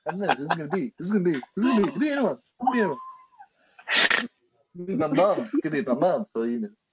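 A man's voice: on the high side, sing-song, fast, very noisy. A man in a casual podcast chat, rowdy, teasing and swearing a lot.

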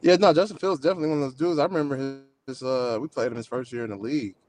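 A football player being interviewed remotely, answering in a measured way with lots of "I mean". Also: male voice, medium pitch, fairly even intonation, a little mellow. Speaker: guest, pro football player. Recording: noisy remote call, choppy.

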